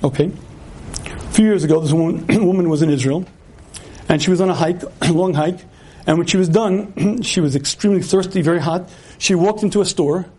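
A man giving a religious lecture as a storyteller who acts out the voices in his dialogue and often clears his throat. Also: high-pitched, fairly quick. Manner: animated storyteller acting out dialogue.

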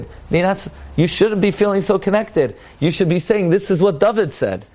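Male Torah teacher, lively lecture delivery. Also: high-pitched, a little fast, hardly any pauses. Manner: animated lecturing, mixing English with Hebrew and Yiddish-accented quotes.

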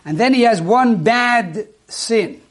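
A man giving a sermon as a rabbi, teaching in a measured way and posing rhetorical questions to his listeners. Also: very high voice, expressive.

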